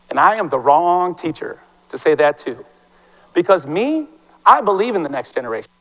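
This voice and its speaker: A man in his forties, a teacher giving an animated, fast, impassioned talk on stage in a large hall. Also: high-pitched. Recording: long reverb from a large hall.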